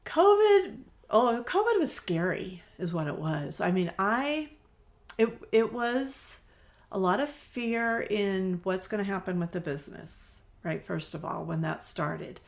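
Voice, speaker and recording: A woman's voice: mid-range voice, animated, a little slow, gravelly. A middle-aged woman, a quilt shop owner, chatting as a guest on an interview podcast, telling stories and acting out the dialogue. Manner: chatty storyteller, acts out quoted dialogue, laughs easily. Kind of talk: casual conversational interview.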